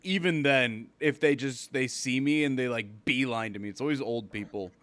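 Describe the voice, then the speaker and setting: A man co-hosting a casual chat podcast, telling animated stories about his job and acting out his rants at customers. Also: medium pitch, moderate pace. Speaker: podcast co-host.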